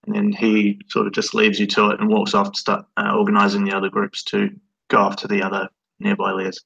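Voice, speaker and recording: A man narrating as game master of a tabletop game, in a halting way with many fillers. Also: on the low side, monotone, creaky, pushed and bright, husky, dull audio.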